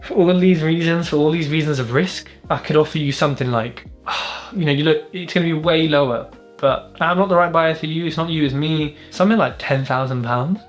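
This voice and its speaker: A man from the UK, a business mentor, telling a deal story to camera in a blunt, sweary, animated way. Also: fairly high pitch, fairly quick, soft background music. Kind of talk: casual monologue to camera.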